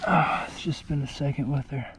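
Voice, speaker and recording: A man from Texas filming himself bass fishing by a lake dam, talking breathlessly and exclaiming at a big catch, shaky with excitement. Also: normal speed. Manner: breathless, exclaiming, talks to the fish. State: shaking with excitement. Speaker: fishing vlogger. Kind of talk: excited outdoor commentary. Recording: dull lo-fi outdoor audio with faint noise.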